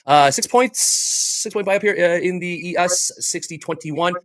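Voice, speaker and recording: A man's voice: high-pitched, normal speed. A man hosting a live trading stream, calling market moves and bantering with his co-hosts. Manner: animated, quips while calling prices.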